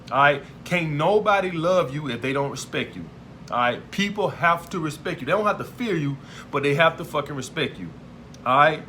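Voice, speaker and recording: A man's voice: fairly high pitch, fairly bright tone, a little hiss or hum. A man, giving blunt dating advice in a profane monologue and repeating his points emphatically. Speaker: dating advice video host.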